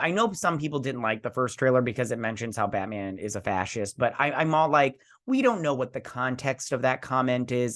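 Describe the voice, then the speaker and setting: A man's voice: medium pitch, a bit bright. Chatty male host reacting to news. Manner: chatty, rambling, reads articles aloud with asides. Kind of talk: casual reaction commentary.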